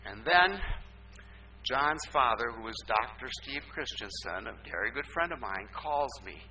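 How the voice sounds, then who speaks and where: An older man preaching a sermon as pastor, asking rhetorical questions and swinging between loud emphasis and quiet asides. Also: medium pitch, lively intonation, measured pace. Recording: distant mic with faint hum.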